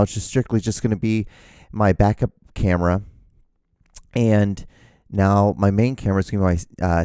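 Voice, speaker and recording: A man hosting his own podcast, rambling excitedly about gear with lots of fillers and restarts, out of breath. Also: on the low side, clean tone, no echo, clean studio sound. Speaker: host. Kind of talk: casual solo podcast rambling. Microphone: camera mic, speaking to camera.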